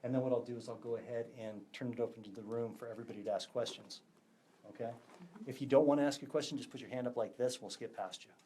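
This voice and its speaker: A man, a psychic medium, leading a live ghost box session with a group indoors, chatty and quick to laugh as he relays answers. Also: mid-range voice, fairly even intonation, warm tone, a little hiss or hum. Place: indoors in a historic house with a group.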